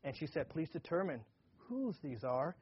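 A man gives a relaxed Bible teaching, talking to his listeners like friends and acting out the story's dialogue with energy. His voice sits a little high and has a husky edge. The recording sounds dull and lo-fi. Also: normal speed. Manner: conversational, acts out dialogue animatedly. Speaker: pastor.

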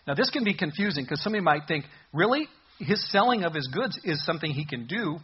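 Husky-voiced man preaching a sermon. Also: on the high side, expressive, lo-fi sound. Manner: earnest, emphatic preaching with slowed stresses. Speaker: pastor.

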